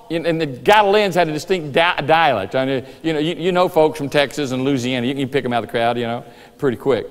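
A man preaching a sermon in a church, telling the story lively and acting out voices and rooster calls. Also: medium pitch, fast, smooth. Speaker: pastor. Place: church sanctuary. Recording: reverberant church hall.

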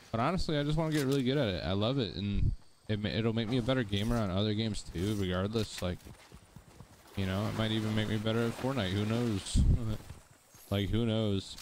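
A man's voice: fairly low pitch, noisy background. Young male gaming streamer, laid-back and rambling, game audio audible underneath. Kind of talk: casual live-stream chat while playing.

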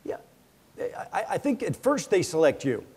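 A man's voice: sits high, big pitch swings, moderate pace, darkish tone, slightly rough. A man moderating a live stage conversation and taking audience questions, speaking energetically and fluently. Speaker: interviewer and moderator.

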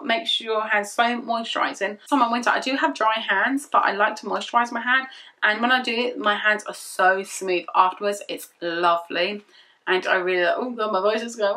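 Bright-voiced woman vlogger. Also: medium pitch. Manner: rambling, repetitive and gushing. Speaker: beauty vlogger. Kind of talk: casual product review.

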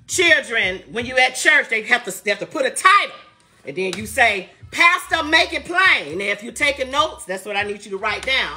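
A woman hosts a live podcast, loud and playful, saying she is tired as she greets viewers by where they are watching from. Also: a little high. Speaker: podcast host. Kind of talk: casual live-stream chat.

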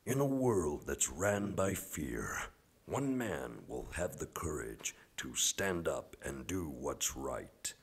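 Guy doing epic trailer guy, low husky near-whisper, slow. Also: sing-song, heavily acted. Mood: ominous. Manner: hushed, portentous, breathy. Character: dramatic movie-trailer announcer man.

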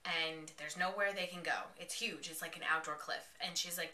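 A young woman with a low voice hosts a casual podcast, excitedly recapping a TV episode and firing off character quotes in quick bursts, with some swearing. The room sounds echoey.

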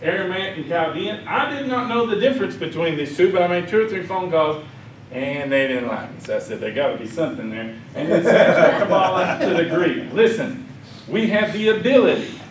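A man gives an animated conference talk and slips into voices for the people he quotes. His voice sits high. The sound is roomy and echoey, picked up from a step back off the mic. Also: brisk, distant mic, a crowd in the background. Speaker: conference speaker. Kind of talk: lecture. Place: conference hall. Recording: echoey hall, speaker off mic.

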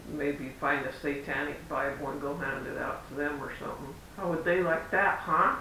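A parent vlogger with a steady, sharp-toned voice speaks at normal speed, telling a rambling, chatty story and acting out both sides of conversations. He's far from the mic in a roomy, echoing space with a faint rumble.

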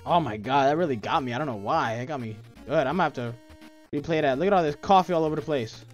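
A young man playing through a game on his channel, talking to himself as he goes. He murmurs low, repeating the same short words over and over, then jumps into loud, startled outbursts. A faint bed of music sits under his voice. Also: quick pace, muffled recording. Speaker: gaming YouTuber. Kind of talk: let's play commentary.

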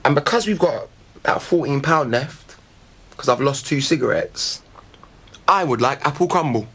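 A man's voice: medium pitch, animated, normal speed, fairly bright tone, breathy edge. Cheeky, slangy young man. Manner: chatty and cheeky, loose slangy speech. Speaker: reality show contestant. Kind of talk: casual chat.

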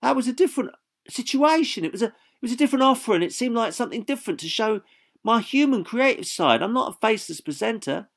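A woman's voice: a little high, animated, quick pace, vocal fry, pitched above the performer's own voice. A man voicing a strong-willed woman reporter who argues in a firm tone, in an audiobook. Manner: firm, argumentative.

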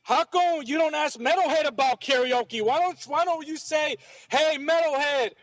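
A man voicing a loud, brash, trash-talking metalhead who rants and boasts in rapid bursts. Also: very high voice, no echo, dull audio. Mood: brash ranting. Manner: blustering, ranting, rapid-fire boasts. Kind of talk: comedic character bit.

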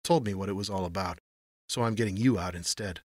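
A man voicing a plump, calm hotel detective in an audiobook, speaking in a quiet, matter-of-fact way. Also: sits low, fairly quick, dry recording, clean studio sound. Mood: firm. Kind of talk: audiobook reading.

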